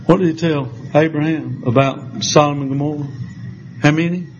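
Man preaching, high voice, folksy storyteller, slightly muffled recording with faint hiss. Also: fairly even intonation, moderate pace. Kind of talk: sermon with storytelling.

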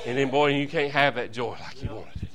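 A man's voice: medium pitch, steady tone, a little fast, a bit bright. A man preaching a fervent, folksy revival sermon as a visiting preacher, calling out to the congregation.

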